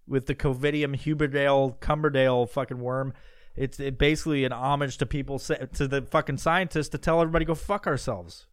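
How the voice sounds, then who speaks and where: A podcast host doing a comedic rant, profane, loud and mocking as he reads news aloud. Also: mid-range voice, no room sound.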